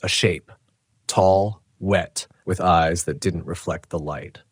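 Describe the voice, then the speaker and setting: A man narrating a scripted horror story in a measured, tense way. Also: sits low, steady tone, husky, no echo.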